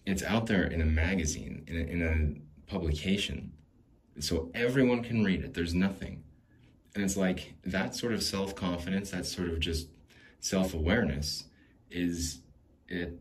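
A man with a low, somewhat mellow voice hosts a podcast by himself, rambling loosely with many restarts. He swears casually and laughs between thoughts. Slight background noise can be heard.

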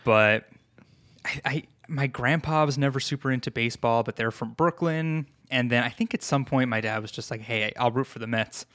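Chatty guest from Long Island. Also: male voice, mid-range voice, moderate pace, a bit bright, dry recording. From Long Island, New York. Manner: self-deprecating, chatty. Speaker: podcast guest. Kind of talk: casual podcast chat.

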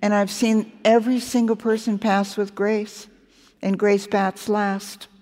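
A woman's voice: medium pitch, flat delivery, a little mellow. Candid woman in her sixties, onstage hall echo. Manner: candid, wry, slows down for emphasis. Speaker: guest author. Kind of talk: live onstage conversation. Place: onstage at a festival.

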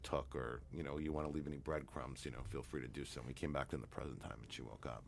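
A man, a hypnotherapist guest, telling a long anecdote in a relaxed, rambling way with many fillers. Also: a bass voice, fast talker, gravelly, a little hiss or hum. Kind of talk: storytelling interview talk.

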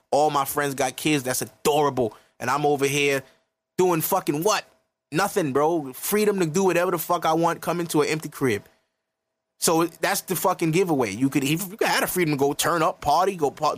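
A man in his early thirties hosting a podcast, giving blunt, profane advice in an emphatic, lecturing rant. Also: fairly high pitch. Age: 30s. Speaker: podcast host.

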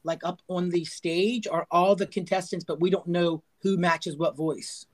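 A high-voiced man hosts a relaxed podcast chat. He thinks out loud, trailing off and restarting with fillers as ideas come to him. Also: unhurried. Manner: rambling, thinking aloud with many fillers. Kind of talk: casual chat.

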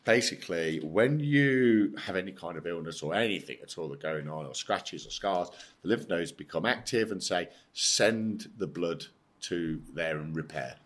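Blunt, deep-voiced English man telling his story. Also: expressive, moderate pace, fairly bright tone. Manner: blunt, emphatic, swears, acts out quoted dialogue. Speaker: podcast guest, former footballer. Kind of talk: casual storytelling interview.

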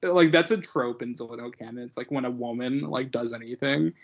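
A man's voice: medium pitch, brisk, vocal fry. A young man co-hosting a podcast, rambling and mocking in a casual chat full of fillers. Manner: rambling, mocking, many fillers, laughs often. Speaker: podcast co-host. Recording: dull lo-fi recording.

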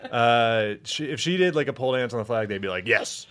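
A man's voice: medium pitch, lively intonation, fast, fairly bright tone, smooth. A man co-hosting a podcast, chatting casually with rambling, swearing asides and frequent laughs. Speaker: podcast co-host. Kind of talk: casual chat.

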